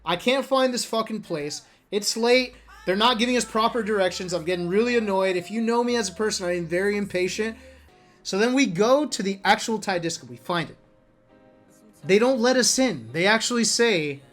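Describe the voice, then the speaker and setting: A man telling travel stories in a casual vlog, animated and profane, often laughing as he talks. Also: high-pitched, normal speed, faint music behind. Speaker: esports player vlogger. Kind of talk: casual storytelling monologue.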